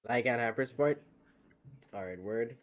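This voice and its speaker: A man's voice: medium pitch, unhurried. A man streaming a racing game, chatting casually with slang and frequent laughs. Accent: West African English on the phone call. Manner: laid-back slangy banter, laughs often. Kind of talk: casual gaming stream chat.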